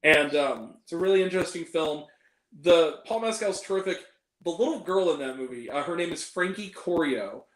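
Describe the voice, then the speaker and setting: High-voiced chatty man reviewing films. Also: lively intonation, normal speed, reverberant, low-quality recording. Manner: chatty, laughs often, jokey asides. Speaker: host. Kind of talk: casual film review chat.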